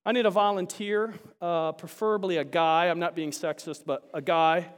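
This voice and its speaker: A man preaching a sermon to a congregation, chatty with restarts and then rising to animated, emphatic bursts. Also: a little high, moderate pace, clean tone. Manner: chatty asides, frequent restarts. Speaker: pastor. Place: large church sanctuary. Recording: long hall reverb.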